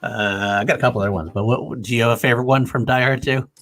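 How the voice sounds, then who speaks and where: A man's voice: medium pitch, fairly even intonation, fast talker, fairly bright tone. A man co-hosting a laid-back movie podcast, with a mid-range voice. He laughs often and swears freely as he chats about favorite lines. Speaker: podcast co-host. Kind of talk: casual movie chat.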